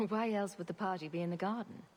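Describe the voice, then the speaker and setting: A woman voicing a dry-witted female warrior hero who speaks in a calm, matter-of-fact way. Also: medium pitch, brisk, lightly acted.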